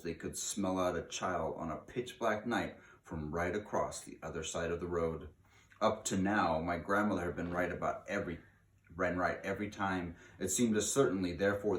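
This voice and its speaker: A man reading a children's book aloud in an expressive way, slowing down for dramatic emphasis. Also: low voice. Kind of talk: read-aloud storytelling. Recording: echoey room.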